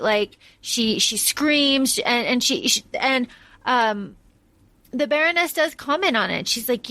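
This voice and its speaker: A woman with a fairly high voice co-hosts a chatty podcast. She is blunt, swears freely and tells stories with animation. The sound is close and dry. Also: no echo. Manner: blunt and profane, animated retelling. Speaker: podcast co-host. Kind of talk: casual chat.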